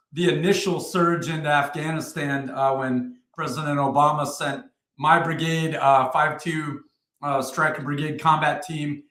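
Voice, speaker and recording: A man in his forties tells war stories as a guest, profane and animated, with a voice pitched a touch higher than most men. He sounds a bit roomy, with echo hanging around his words. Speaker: podcast guest, retired army first sergeant. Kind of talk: casual war storytelling.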